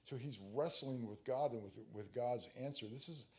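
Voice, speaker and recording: A man of medium pitch teaches on prayer in a loose, conversational sermon. He pauses on fillers and restarts his sentences, then reads scripture aloud with rising emphasis.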